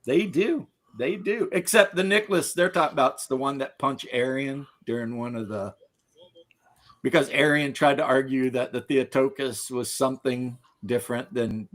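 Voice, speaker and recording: A man's voice: medium pitch, fairly bright tone. A man chatting casually on a podcast, who laughs often and tells jokes in a rambling way. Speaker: podcast host. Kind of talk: casual chat.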